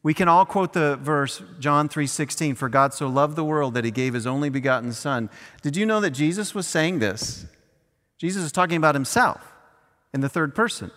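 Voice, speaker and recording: A man's voice: on the high side, animated, moderate pace, fairly bright tone. A preaching man in a reverberant hall. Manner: conversational preaching with acted asides. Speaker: pastor. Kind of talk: sermon.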